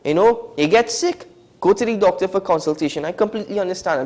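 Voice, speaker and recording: Trinidadian man, talk show co-host, wry, animated, swooping emphasis. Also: sits high, fast. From Trinidad and Tobago. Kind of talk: casual studio chat.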